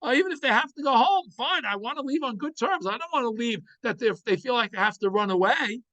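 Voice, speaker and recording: A man's voice: very high-pitched, animated, fast, bright, forceful tone, dry recording, rough recording. A man giving a weekly Torah class, translating Hebrew verses line by line and explaining them. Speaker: Torah teacher.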